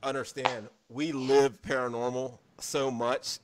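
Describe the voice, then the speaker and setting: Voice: medium pitch, level tone, unhurried, rough recording. A speaker in casual chat, laughing and crude.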